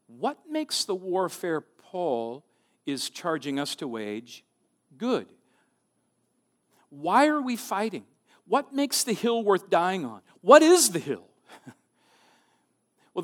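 Slow, earnest male preacher. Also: on the high side. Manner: earnest, addresses the congregation as loved ones. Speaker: pastor. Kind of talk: sermon.

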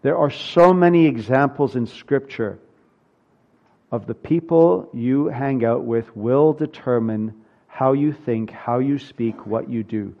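Male pastor, mid-pitched, earnest sermon delivery with emphatic builds, slightly muffled recording. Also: slow pace. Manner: earnest preaching, rising to emphatic peaks.

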